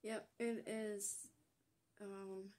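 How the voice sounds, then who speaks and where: A woman's voice: mid-range voice, little pitch movement, extremely slow, background noise. A woman hosting a craft channel, chatting casually and gushing as she unboxes craft supplies. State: out of breath. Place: at a table at home.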